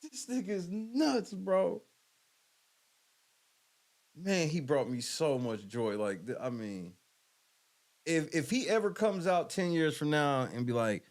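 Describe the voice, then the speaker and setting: A man's voice: on the high side, sing-song, measured pace, pauses often. A man hosting a podcast, giving casual reaction commentary and laughing in disbelief. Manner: laughing, incredulous. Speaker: podcast host.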